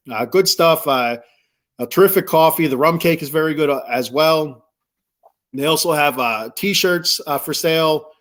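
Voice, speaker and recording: A man's voice: a little high, a bit bright. A man hosting a casual sports talk stream, rambling with lots of fillers and repeats. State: choked up. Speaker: sports podcast host.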